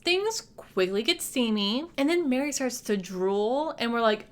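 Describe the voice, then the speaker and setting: A woman's voice: fairly high pitch, normal speed, few pauses. A young adult woman recapping a movie in a casual, playful way, using slang and shifting her voice a lot as she talks. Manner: animated, jumps between voices. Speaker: movie reviewer.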